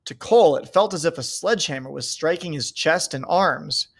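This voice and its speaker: A man reading a novel aloud in a steady, measured way. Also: a little high, vocal fry, breathy edge. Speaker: reader.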